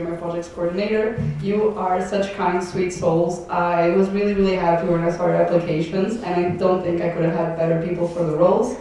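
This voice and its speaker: A young Portuguese woman, a native Portuguese speaker and outgoing board member, gives an emotional, rambling farewell speech, laughing between her thanks. Her voice is low-ish and mellow. It's recorded in a large echoey event hall with a distant mic and faint noise.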